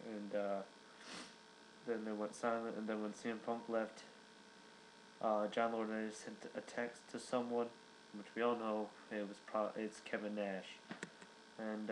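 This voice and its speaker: Young male reviewer, rambling casual recap, low monotone voice. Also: slight background noise, poor audio. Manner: rambling, many fillers and restarts. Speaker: wrestling reviewer.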